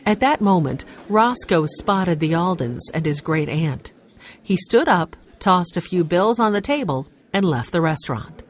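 A woman's voice: fairly low pitch, a little slow. A woman narrating a children's storybook and voicing the characters. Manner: expressive, voices the characters. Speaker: audiobook narrator.

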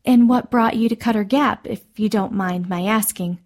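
An eager young teacher at a mission school, kind and encouraging, as a woman reader gives her voice. She talks with bright warmth toward the children in this storybook reading. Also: mid-range voice, moderate pace, close to an everyday voice.

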